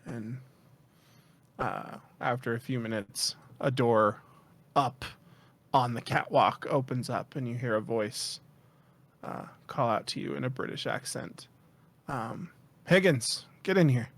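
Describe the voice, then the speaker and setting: A man narrating a tabletop game as game master, in a relaxed, halting way with many fillers. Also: medium pitch, vocal fry.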